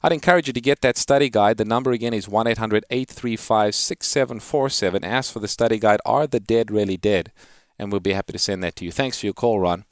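Low-voiced man explaining scripture. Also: fast, no room sound, clean studio sound. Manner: explains scripture earnestly, quotes verses in a lifted reading voice. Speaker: radio Bible-answer host. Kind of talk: call-in radio Bible teaching.

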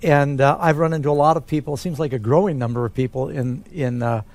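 A man, a pastor, answering Bible questions in a relaxed, conversational way. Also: medium pitch, fast.

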